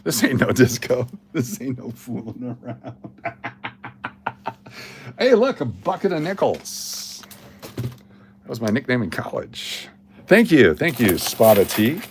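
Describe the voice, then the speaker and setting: A man at an ordinary pitch hosts a relaxed coin hunting livestream. He rambles, cracks jokes and answers his viewers' comments in an easy, offhand way. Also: slow, long pauses, slight background noise. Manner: rambling, jokey, talks to chat. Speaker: coin roll hunting channel host. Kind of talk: casual livestream chat.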